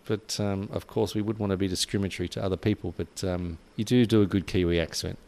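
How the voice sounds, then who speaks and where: A man's voice: low-pitched, steady tone, quick pace, darkish tone. A man co-hosting a podcast, chatting casually in a rambling way with lots of fillers. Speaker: podcast co-host.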